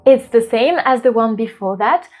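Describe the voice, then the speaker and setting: A woman from France hosting a language lesson, explaining patiently and clearly. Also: fairly high pitch, animated, normal speed, darkish tone. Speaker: French teacher and channel host. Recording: light background music.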